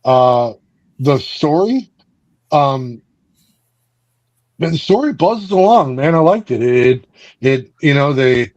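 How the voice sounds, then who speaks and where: A man's voice: mid-range voice, animated, slow pace, long pauses, a little mellow, no room sound, muffled recording. Man rambling through a comic recap. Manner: rambling, frequent fillers and restarts. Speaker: book club podcast host. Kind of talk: casual comic book recap and review.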